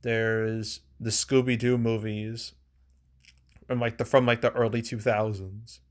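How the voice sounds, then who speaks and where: A man's voice: on the low side, flat delivery, unhurried. A man hosting his own show, chatting loosely about movies in a rambling way, full of fillers and the odd chuckle. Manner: rambling, filler-heavy with frequent "like"; chuckles now and then. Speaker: movie box office commentator. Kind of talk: casual solo commentary.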